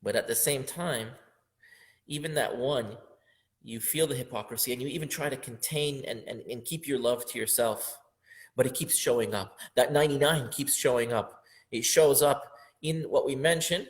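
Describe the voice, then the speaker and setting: A man's voice: mid-range voice, normal speed. Impassioned man teaching a poem. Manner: impassioned, building up to loud emphatic peaks, sometimes half-singing verses. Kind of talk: religious lesson on a poem.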